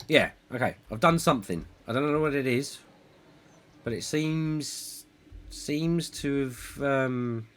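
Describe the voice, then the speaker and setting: A man's voice: medium pitch, slow, a bit bright. A man streaming a city-building game, thinking aloud in a rambling, self-deprecating way. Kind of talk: live gameplay commentary.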